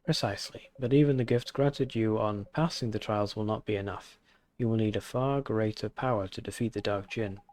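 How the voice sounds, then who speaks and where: A man's voice: lowish voice, a little fast, a little mellow, natural voice. A man reading the lines of a solemn older sage mentor in a grave, formal manner.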